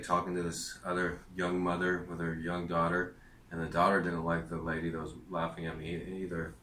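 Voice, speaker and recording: A man with a very deep voice tells a loose, rambling personal story straight to camera. He stops and restarts his sentences and leans on fillers, and the sound has a roomy echo. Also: pushed and bright, a little hiss or hum. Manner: meandering, many fillers and restarts. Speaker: vlogger.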